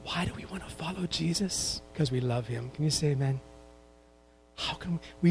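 Slightly high and marked by vocal fry, this man's voice carries a little background noise. Delivering a sermon, he leads the congregation in repeating verses, drops lighthearted jokes, and stresses King James scripture slowly as he quotes it.

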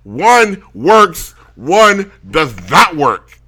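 Bright, fairly high man, rants and restarts a lot, casual podcast co-host. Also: sing-song, drawn-out words, breathy edge. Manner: ranting, exasperated storytelling with lots of restarts.

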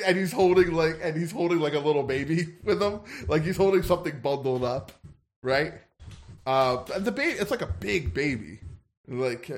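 A man's voice: on the high side, expressive, normal speed. A man running a tabletop wrestling game as game master, giggly and rambling.

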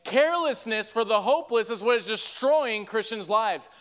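High-voiced earnest male preacher. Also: animated, normal speed, a bit bright. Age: 30s. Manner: earnest preaching with repeated restarts. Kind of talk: sermon.

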